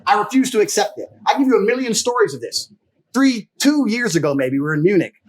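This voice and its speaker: A brash, profane man tells stories as a podcast guest in a rapid, fairly high voice. He boasts freely and laughs between sentences. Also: big pitch swings. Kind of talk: casual storytelling chat.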